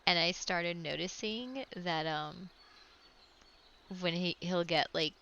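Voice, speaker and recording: A woman streaming a game, reading its text aloud and chatting with a giggly, animated manner. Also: fairly low pitch, slow, slight background noise. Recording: dull lo-fi stream audio with music.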